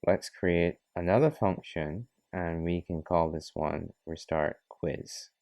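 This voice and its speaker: A man's voice: deep voice, slow pace, creaky, darkish tone. A man narrating a coding tutorial, talking methodically through each step. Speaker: programming tutor. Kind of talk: screen-recorded coding tutorial.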